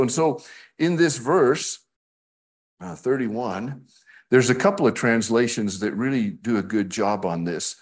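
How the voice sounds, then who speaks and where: A man's voice: medium pitch, husky. A man preaching a sermon in a conversational way, acting out the scripture he quotes.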